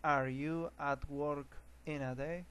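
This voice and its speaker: A man teaching an English lesson, often restarting words and filling pauses with uh and um. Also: fairly high pitch, fairly even intonation, fairly bright tone, clean tone, rough recording. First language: Spanish. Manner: hesitant, repeats words, many fillers.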